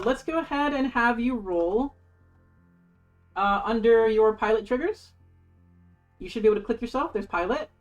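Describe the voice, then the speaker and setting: A woman game master running a tabletop game on stream, excitable and casual, cursing freely. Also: mid-range voice.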